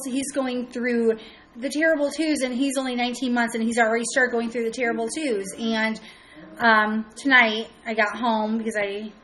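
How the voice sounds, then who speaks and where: Rambling, halting woman on a home live stream. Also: fairly high pitch, fairly bright tone, a little hiss or hum, low-quality recording. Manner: rambling, halting, with many restarts and fillers; greets chat viewers by name mid-sentence. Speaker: mother live-streaming to viewers. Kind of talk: casual live-stream chat. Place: at home with her young children nearby.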